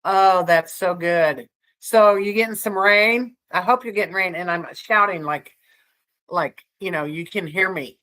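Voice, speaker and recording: Chatty woman hosting a livestream, lower voice. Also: a little slow, fairly bright tone. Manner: chatty, laughs often, rambling asides. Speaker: livestream co-host. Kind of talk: casual livestream chat with viewers.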